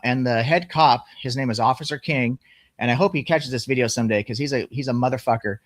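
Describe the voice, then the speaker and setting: A man recounting a story from his youth in loose, casual chat, swearing freely and animated as he talks. His voice sits at an ordinary middle pitch. The sound is dry and close, with no room echo. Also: fast.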